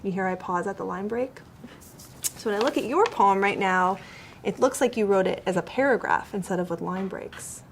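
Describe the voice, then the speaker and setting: A woman teacher gently coaching a child one-on-one on his writing, explaining step by step and encouraging him. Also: mid-range voice, moderate pace, a little hiss or hum.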